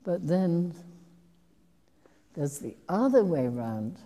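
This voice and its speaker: A woman's voice: lowish voice, big pitch swings, slow pace, dark tone. An older woman, an actress, telling meandering, reflective stories to an audience during a public talk. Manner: meandering, reflective storytelling with restarts. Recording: long hall reverb.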